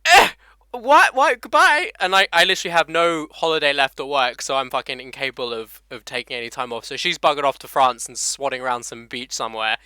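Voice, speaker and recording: A man's voice: mid-range voice, steady tone, fast, hardly any pauses, sharp tone, clear, resonant tone, no echo. A young man with an English accent hosting a casual motorcycle live stream, swearing freely and laughing as he greets viewers by name. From England. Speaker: motovlogger host.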